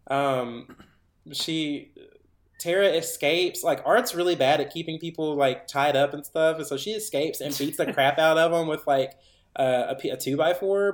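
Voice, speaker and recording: A man's voice: on the high side, reverberant. A man co-hosting a podcast, retelling a movie in a casual, rambling way with lots of fillers and acted-out lines. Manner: rambling, filler-heavy, acts out characters' lines. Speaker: podcast co-host.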